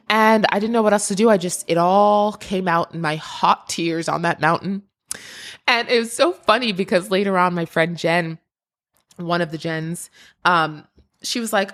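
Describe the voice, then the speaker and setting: Woman telling a personal story, animated. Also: medium pitch. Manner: emotional, animated, frequent laughs and restarts. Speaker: podcast host.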